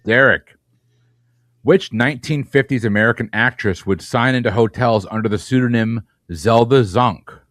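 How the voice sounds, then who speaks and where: A man hosting a trivia game, reading questions briskly and teasing the players. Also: medium pitch, a bit bright, no room sound, clean studio sound. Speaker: quizmaster.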